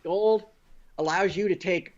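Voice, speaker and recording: A man's voice: sits high, measured pace, lo-fi sound. A man being interviewed, explaining finance step by step and often checking in with "you know" and "okay?". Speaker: guest. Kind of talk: conversational interview.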